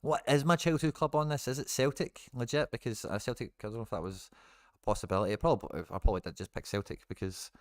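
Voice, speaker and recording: A man's voice: mid-range voice, quick pace, no echo, studio quality. Chatty man streaming live. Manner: chatty, reads announcements aloud with asides and laughs. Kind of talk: casual live stream commentary.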